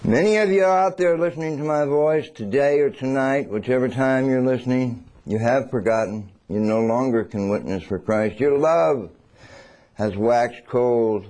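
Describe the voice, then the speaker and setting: A man preaching a sermon. He swings between loud and hushed and acts out little scenes. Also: medium pitch, normal speed.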